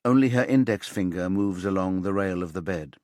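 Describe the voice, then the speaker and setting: A man narrating a crime thriller audiobook in a lively, tense manner. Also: low-pitched, a little fast, no room sound, studio quality. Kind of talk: scripted narration.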